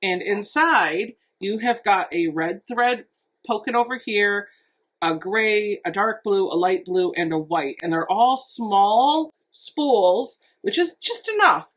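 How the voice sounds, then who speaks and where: A woman's voice: mid-range voice, fairly bright tone. Chatty woman quilting vlogger. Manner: chatty and enthusiastic, thinking aloud. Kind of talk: casual unboxing narration.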